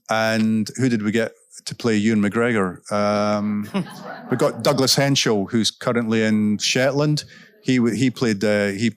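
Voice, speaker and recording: A man's voice: on the low side, dry recording. Chatty male author with a dry sound. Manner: chatty, anecdotal, with frequent uh and um and self-corrections; laughs while telling stories. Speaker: author guest at a literary festival. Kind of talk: casual onstage storytelling and Q&A. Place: stage at a live event.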